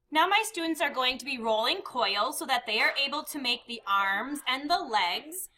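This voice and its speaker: High bright-voiced art teacher. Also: female voice. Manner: patient, step-by-step, counts aloud and makes meow sounds. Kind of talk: instructional demonstration.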